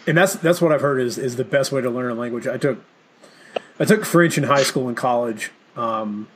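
A man's voice: medium pitch, moderate pace, slight background noise. A man from the Southern United States co-hosting a casual chat, with wry stammering repeats.

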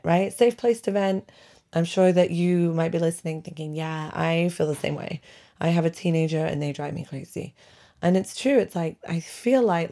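A woman's voice: fairly low pitch, vocal fry, mellow. A woman hosting her own podcast from her bedroom, chatting casually and wryly, laughing often as she vents. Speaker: podcast host. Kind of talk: casual solo podcast chat. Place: bedroom at home.

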